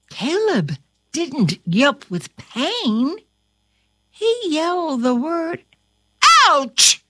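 A woman reads a storybook aloud in a slow, wildly swooping high voice. She turns dramatic, sinking to whispers and climbing to cries. Her tone is slightly breathy and the sound is dry. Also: bright, forceful tone, dry recording. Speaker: storybook reader. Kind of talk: expressive read-aloud storytelling.

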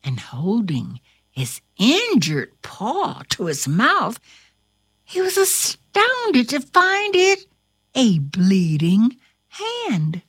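A woman reading a storybook aloud and talking straight to her listeners, with a highly expressive, dramatic delivery. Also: dry recording, clean studio sound.

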